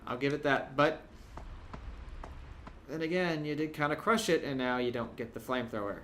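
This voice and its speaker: A young man commentating a video game playthrough, chatty and jokey, with sudden loud yelps. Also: medium pitch, moderate pace, slight background noise. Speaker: gameplay commentator. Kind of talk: let's play commentary.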